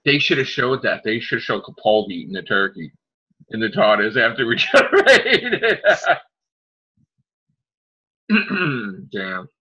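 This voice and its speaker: Male podcast host, bright voice, ranting and cursing, lo-fi audio. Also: fairly low pitch, sing-song, moderate pace. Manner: ranting, swears a lot. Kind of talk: casual podcast chat. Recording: dull lo-fi audio.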